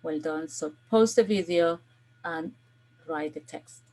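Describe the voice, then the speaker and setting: A woman teacher with a slightly low-pitched voice talks pupils through a recorded video lesson. She gives patient step-by-step instructions and keeps checking understanding with a quick "okay?". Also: darkish tone. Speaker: language teacher.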